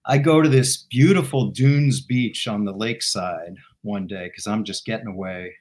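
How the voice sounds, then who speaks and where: A man who is a guest and former football team executive, telling an anecdote in an animated way and laughing as he goes. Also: fairly low pitch, moderate pace. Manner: animated, laughing while he tells it. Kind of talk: storytelling anecdote in interview.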